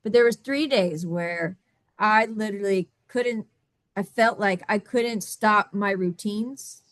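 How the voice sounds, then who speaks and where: A woman in her thirties speaking on a video call, telling her own story in a halting way with many restarts and repeated words. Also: medium pitch, dry recording. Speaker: summit guest speaker. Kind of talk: candid personal storytelling.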